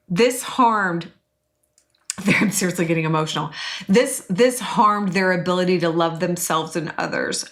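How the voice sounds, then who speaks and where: A woman teaching about personality types in a chatty, expressive way, often acting out quotes. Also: on the low side. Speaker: Enneagram coach and teacher. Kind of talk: casual teaching talk to an online class.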